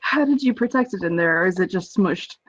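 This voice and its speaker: A woman chatting as a player in a tabletop game, giggly with deadpan asides. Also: on the low side, brisk, no room sound. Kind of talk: casual chat around a game. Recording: dull lo-fi dry sound.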